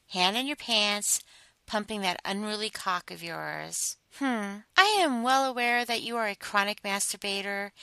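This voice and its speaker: Woman narrator for a second-person role-play; unhurried, teasing and commanding. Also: medium pitch, bright, forceful tone, no echo. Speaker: adult audio narrator.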